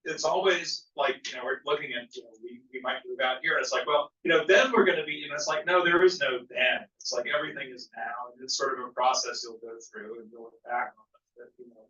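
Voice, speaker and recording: A man chatting in a study group, rambling with lots of fillers. His voice is bright and forward but sits back from the mic in an echoey room. The sound is dull and lo-fi. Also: medium pitch, fast. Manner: rambling, lots of "you know" and "it's like". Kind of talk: casual group discussion. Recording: roomy, distant, lo-fi sound.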